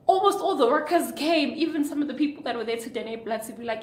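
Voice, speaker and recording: A woman's voice: fast, hardly any pauses. A young woman vlogger giving an earnest, preachy motivational talk to camera, asking her viewers question after question. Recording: echoey room with faint rumble.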